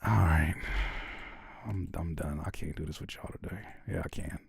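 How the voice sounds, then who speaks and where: A man's voice: low voice, normal speed, gravelly, husky, no echo, studio quality. A man, a rapper and YouTuber, casually reacting to videos while joking with his chat.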